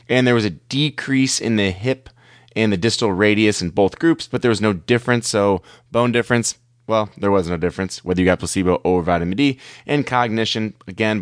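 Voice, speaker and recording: Male podcast host, lowish voice, dry close sound, casual and wry medical commentary. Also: no echo. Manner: conversational, wry and skeptical.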